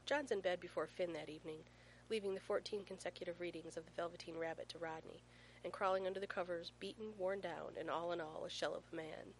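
A woman reading a story aloud with playful, expressive comic timing. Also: fairly low pitch, fast talker, slight background noise, low-quality recording. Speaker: reader. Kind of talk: storytelling narration.

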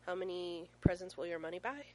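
A woman's voice: on the low side, brisk, warm tone, a little hiss or hum, lightly acted. A woman voicing a weary young father with a dry, tired, patient manner.

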